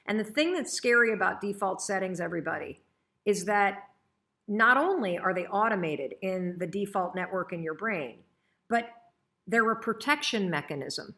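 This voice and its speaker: A middle-aged woman hosting a motivational training session, talking in an energetic, chatty and emphatic way. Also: mid-range voice, moderate pace. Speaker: host and coach.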